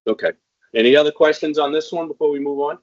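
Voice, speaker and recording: A man's voice: fairly high pitch, fast, muffled recording. A man giving hands-on equipment training in a casual, rambling way, with frequent ums.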